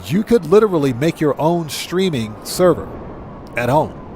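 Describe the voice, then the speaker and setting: A man's voice: on the high side, very animated, moderate pace, a little mellow, a little hiss or hum. A middle-aged man hosting a gaming livestream, chatting casually, rambling and correcting himself as he reads chat aloud. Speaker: livestream host.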